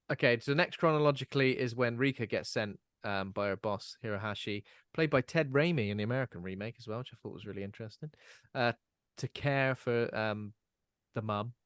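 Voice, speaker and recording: A man's voice: medium pitch, a bit bright, clear, resonant tone, dry recording, clean studio sound. A man hosting a podcast, recapping a horror film's plot in order between jokes and laughs. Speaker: podcast host. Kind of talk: casual film discussion.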